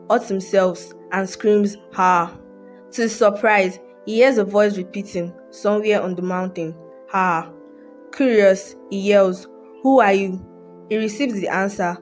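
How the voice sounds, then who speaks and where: A woman tells a short moral story at an even, measured pace. She reads with earnest care, giving each line its weight. Faint instrumental music plays softly underneath. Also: mid-range voice. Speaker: story narrator. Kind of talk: scripted narration of a moral story. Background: soft music.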